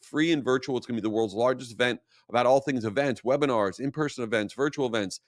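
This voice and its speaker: A man hosting a solo marketing podcast, talking casually and telling stories with a self-mocking, animated manner. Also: mid-range voice, fast, dry recording, studio quality. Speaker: podcast host.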